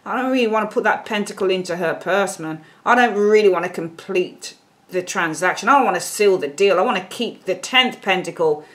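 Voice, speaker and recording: A woman's voice: medium pitch, brisk, lightly acted. A woman voicing a man who is scared of commitment, sighing and mumbling reluctantly.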